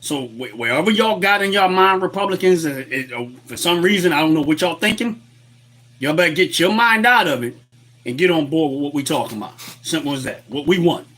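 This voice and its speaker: This man's voice is fairly high and a bit bright, expressive and a little fast. Hosting a political livestream through a desk webcam setup, he launches into a heated, repetitive rant, greets chat viewers, and reads messages aloud in a fired-up manner.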